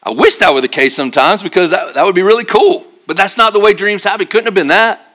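A man preaching a sermon at church, telling stories with jokes and acted-out voices, then dropping to a quiet, earnest tone for serious points. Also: high-pitched, fast. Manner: animated, jokey storytelling with acted-out voices. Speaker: pastor.

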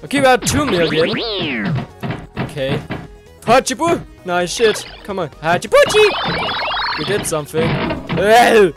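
A young man hosting a gaming let's play, excitable, yelling and swearing at the game, then rambling and hesitant as he talks to viewers. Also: sits high, moderate pace, pauses often. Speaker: gaming channel host. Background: game music and sounds.

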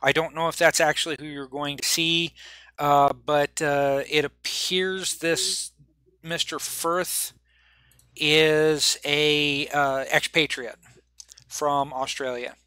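A man running a tabletop game as game master, relaxed and rambling, laughing often. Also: a little high, slow pace, clean tone, no echo.

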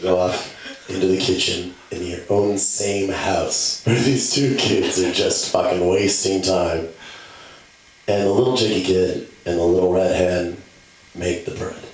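Man, comic storyteller, casual and deadpan, very echoey room. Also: deep voice, unhurried, recorded from a distance.

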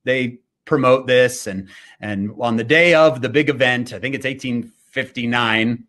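A man's voice: medium pitch, measured pace, a bit bright. A man giving a devotional fireside talk, telling a story with animation and frequent fillers and restarts. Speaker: speaker.

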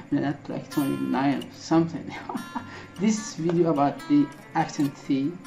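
Algerian woman, reaction host, low voice, chatty and informal, over clear guitar music. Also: dark tone, rough recording. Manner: chatty, non-native English with simple phrasing. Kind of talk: casual reaction commentary.

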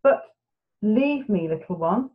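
A woman's voice: mid-range voice, lively intonation, slow pace. A woman voicing a haughty, vain female giraffe in a bedtime storybook. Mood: snooty. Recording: tinny phone-like sound.

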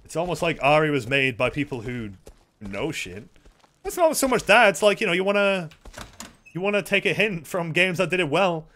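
A man's voice: fairly high pitch, sing-song, normal speed, bright, forceful tone. A man streaming a horror game, commenting casually with sarcastic, exasperated swearing.

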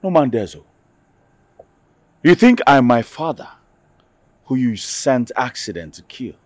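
A man's voice: medium pitch, very animated, darkish tone, dry recording. An actor with a Nigerian accent playing a defiant young man who vows revenge in a film drama. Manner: defiant, slow and deliberate.

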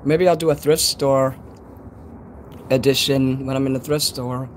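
A man's voice: medium pitch, steady tone, unhurried, slight background noise. A man from Chicago with a Chicago accent, chatting casually on a live stream outdoors at night, rambling and swearing freely. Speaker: livestreamer.

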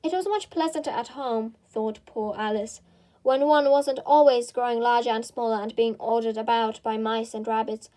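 A woman's voice: a little high, fairly even intonation, moderate pace, mellow, lightly acted. A woman reading the lines of Alice, a curious, fretful little girl who talks to herself. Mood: musing.

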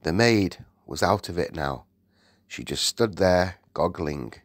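Male audiobook narrator, slow, lively pitch, dry close sound. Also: husky, no room sound. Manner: slow, expressive storytelling. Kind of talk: scripted narration.

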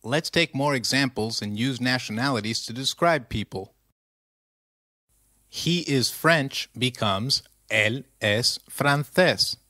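A man teaching a scripted language lesson at a slow, deliberate pace. His mid-pitched voice is recorded dry and close, with no room sound. He repeats each phrase patiently so the learner can follow. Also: bright, forceful tone, dry recording.

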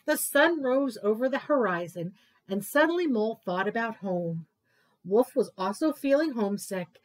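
High, sing-song storytime reader woman. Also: animated, moderate pace. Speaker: children's librarian. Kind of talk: reading picture books aloud at story time.

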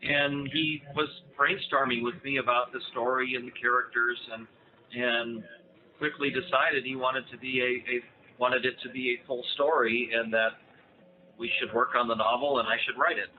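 A man's voice: medium pitch, fairly even intonation, normal speed. An American man in his fifties, a guest author chatting enthusiastically in an interview, restarting phrases often. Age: 50s. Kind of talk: casual interview over a call. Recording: tinny phone-like line, faint noise.

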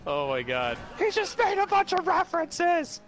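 A man co-hosting a casual podcast chat, excitable, swearing and quoting people as he talks. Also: very high-pitched, normal speed. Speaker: podcast co-host. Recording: clear background noise.

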